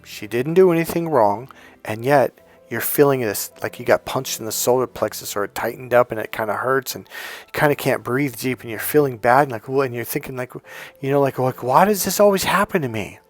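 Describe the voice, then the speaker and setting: A man's voice: medium pitch, brisk, faint music behind. A man coaching on dating, telling a long story in a casual, rambling way, acting out the dialogue and swearing when he gets worked up. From United States.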